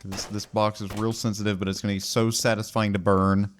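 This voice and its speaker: Rambling low-voiced man gaming. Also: little pitch movement, fairly quick, soft background music. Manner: rambling, joking, lots of fillers and voice bits. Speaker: gaming YouTuber. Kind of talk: let's play commentary.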